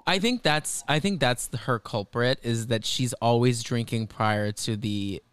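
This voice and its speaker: A man co-hosting a casual chat from his apartment, animated and laughing, slipping into impressions. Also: medium pitch, a little slow, smooth. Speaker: podcast co-host.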